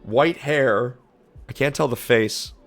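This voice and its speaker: A man streaming, giving excited reaction commentary with loud gushing outbursts. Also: medium pitch, slow pace, soft background music.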